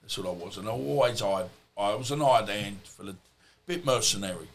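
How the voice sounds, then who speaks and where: Here the ex-boxer, a middle-aged man appearing on a podcast, talks briskly in a lowish voice. He's telling casual stories that meander from anecdote to anecdote with plenty of side remarks.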